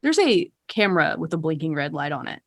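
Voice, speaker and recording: A woman's voice: sits low, very animated, brisk. A woman narrating a tabletop game as game master, rambling casually with lots of fillers.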